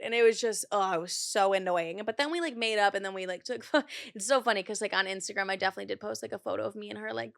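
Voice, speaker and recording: A woman's voice: mid-range voice, gravelly, no echo, clean studio sound. A young woman hosting a podcast in casual chat, swearing freely and filling her talk with "like". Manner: chatty, swears a lot, says "like" often. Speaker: podcast host.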